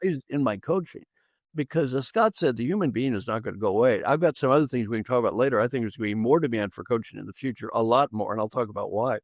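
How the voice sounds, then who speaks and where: Older male coach, emphatic, repeats himself, mid pitch, dry close sound. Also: fast, dry recording. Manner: emphatic, repeats phrases for effect. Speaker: executive coach, guest. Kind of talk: animated conversational storytelling.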